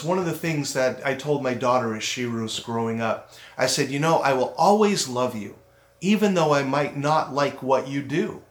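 A middle-aged man hosting a motivational self-esteem talk. He speaks earnestly, slows down to stress his points, and acts out his own inner critic. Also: fairly high pitch, fairly bright tone. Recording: roomy echo.

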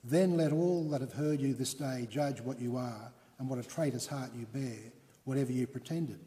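A man's voice: medium pitch, moderate pace, dark tone, lightly acted. A man reading as a blustering, insulting prosecutor. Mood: accusing. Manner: bombastic, accusing. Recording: long hall reverb.

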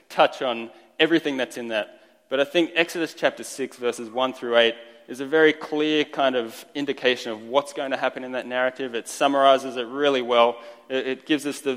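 A man preaching a sermon in a relaxed, conversational way, joking lightly and restarting his sentences now and then. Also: medium pitch. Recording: long reverb of a large hall.

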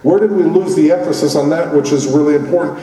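A man's voice: a little high, fast talker, mellow. A male pastor giving a conversational sermon, full of fillers and restarts, in a church building that used to be a gym. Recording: roomy hall from far off.

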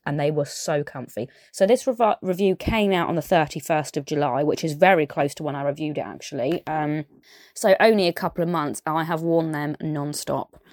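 A woman's voice: low voice, moderate pace, a little mellow, no echo, studio quality. A woman with a strong southern English accent, chatting casually and enthusiastically as a podcast presenter, with frequent fillers and asides. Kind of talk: casual chat.

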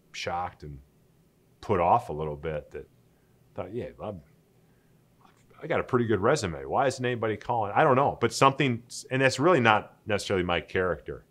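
A former pro athlete in his forties telling stories in an interview, lively and acting out the people he quotes. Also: lowish voice. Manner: animated, laughing, acting out quoted dialogue. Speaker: interview guest, former pro football player. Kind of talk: conversational storytelling.

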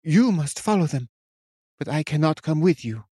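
A man's voice: a little high, expressive, moderate pace, warm tone, breathy edge, no room sound, clean studio sound, pitched above the performer's own voice. A man voicing a commanding female witch in an audiobook, speaking with cold certainty. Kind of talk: audiobook character voice.

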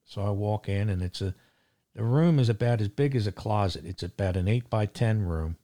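A man hosting his own podcast, telling a grievance story in a gruff, indignant way with lots of fillers. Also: fairly low pitch, moderate pace, warm tone. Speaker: podcast host. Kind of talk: casual monologue. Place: seaside town home.

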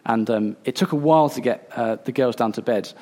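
A pastor in his thirties with a mellow, mid-range voice preaches a sermon. He's earnest and slightly halting, using fillers and restarting his sentences.

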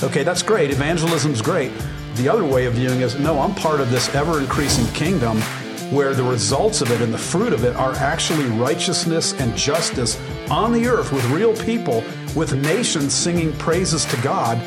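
A man co-hosting a faith podcast, talking earnestly through scripture in a casual teaching chat with frequent pauses and restarts. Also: mid-range voice, expressive, over music. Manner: earnest, reflective, with many ums and restarts. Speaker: podcast co-host.

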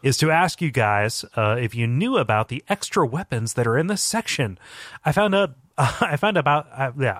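A man's voice: medium pitch, fairly bright tone, no echo. Brief: male podcast co-host, giggly and tired, dry close-mic sound, reads listener mail. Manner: laughs often while reading. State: tired from long recording day. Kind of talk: casual podcast chat.

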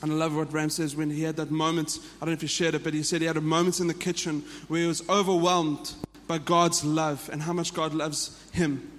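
A man's voice: a little high, little pitch movement, fairly quick, few pauses, a bit bright, in a large hall. A man with a South African accent, preaching a sermon to a church in an earnest way that often repeats and restarts phrases. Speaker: pastor.

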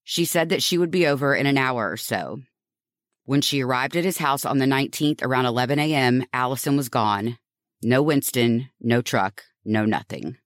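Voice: medium pitch, moderate pace, dry recording, clean studio sound. A podcast host narrating a true-crime story, earnest and reflective, posing rhetorical questions to listeners.

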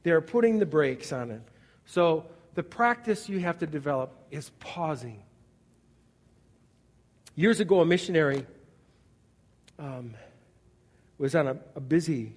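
Animated preacher in a big hall. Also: male voice, fairly high pitch, measured pace, pauses often. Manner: animated, acts out scenes, swings from loud to quiet. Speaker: pastor. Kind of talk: sermon. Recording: long reverb of a large hall.

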